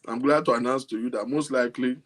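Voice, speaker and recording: Nigerian man, casual vlog commentary, incredulous, laughs a lot, mid-pitched voice. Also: fairly even intonation, fast. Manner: amused, incredulous, laughs often. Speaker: vlogger.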